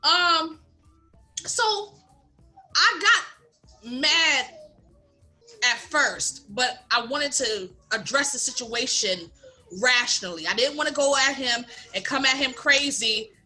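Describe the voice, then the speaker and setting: A young woman with a Philadelphia accent tells a story on a casual podcast with a bright, forceful, higher voice. She is candid and animated and acts out every quote. Faint music sits under her. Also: slow pace, long pauses. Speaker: podcast co-host, bartender.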